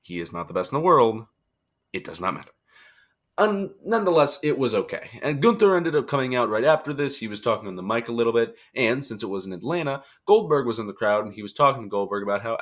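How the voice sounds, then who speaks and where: A man's voice: medium pitch, very animated, quick pace, a bit bright. A tired young man giving a casual, joking wrestling review and acting out quotes in silly voices. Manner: chatty, jokey, acts out quotes in funny voices.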